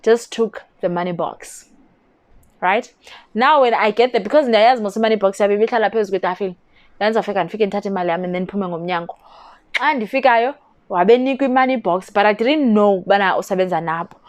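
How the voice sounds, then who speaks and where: A young woman with a South African accent tells her story straight to camera, her voice sitting at an ordinary middle pitch. She talks in quick, indignant bursts, like a friend venting about a bad deal. The sound is close and dry, with no room around it. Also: no echo. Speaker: YouTuber. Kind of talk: casual storytelling vlog.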